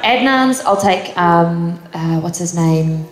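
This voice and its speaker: Young New Zealand woman on a convention panel, chatty, a little low-pitched, in a boomy hall with faint noise. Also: expressive, slow. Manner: chatty, laughs often, many fillers. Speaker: actor answering fan questions.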